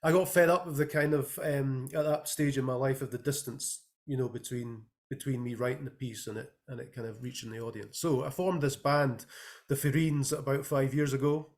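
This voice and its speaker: A man's voice: mid-range voice, fairly even intonation, moderate pace. A man, a musician and composer, talking thoughtfully over a video call with many hesitant fillers. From Scotland. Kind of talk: casual interview talk.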